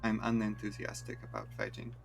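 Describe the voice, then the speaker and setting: A man reading a reserved police lieutenant in a video game, speaking in a measured, dry and formal way. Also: lowish voice, very animated, creaky, low-quality recording.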